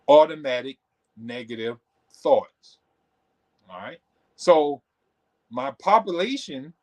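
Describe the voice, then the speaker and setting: A man hosting a livestream, talking in an animated, conversational way with many asides. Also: on the high side. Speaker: host. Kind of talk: motivational talk on a livestream.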